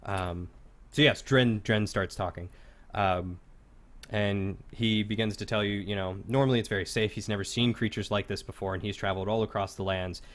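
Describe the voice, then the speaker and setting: Brief: male game master, fairly low voice, loose unhurried scene narration. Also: steady tone, a bit bright. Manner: halting, loose descriptive narration.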